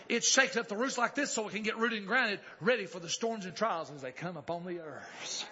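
A man preaching a revival sermon, telling a story and rising to shouted exclamations. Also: high voice, brisk, hardly any pauses, muffled recording.

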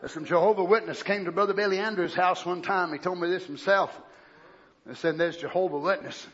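A man preaching a fiery sermon, shouting and swinging into mocking impressions. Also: high-pitched, steady tone, brisk. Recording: lo-fi muffled sound.

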